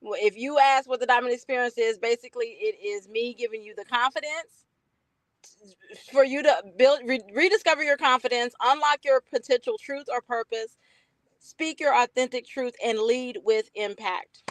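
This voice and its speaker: A woman's voice: fairly high pitch, moderate pace, dry recording, rough recording. A woman client giving an enthusiastic, casual testimonial on a coaching call. She laughs and repeats her phrases.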